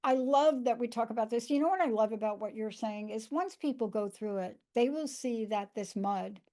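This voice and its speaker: A woman's voice: a little high, normal speed, dark tone. A woman hosting a podcast, telling stories in a chatty, emphatic way and repeating words for stress. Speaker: podcast host. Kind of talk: casual podcast conversation.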